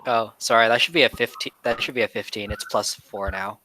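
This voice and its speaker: A man's voice: on the low side, a little fast, noisy background. A man playing a tabletop game over a voice call, talking casually with plenty of filler words. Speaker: player.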